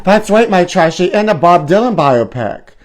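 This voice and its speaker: Male host, campy and sassy, rambling asides to the chat, slightly high voice. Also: lively intonation, normal speed. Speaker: live stream host. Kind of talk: campy live stream chat.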